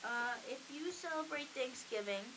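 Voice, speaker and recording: A young woman with a high, lively voice speaks at a moderate pace over a noisy background. She hosts a college radio show, chatting casually and acting out the quoted voices as she tells her stories.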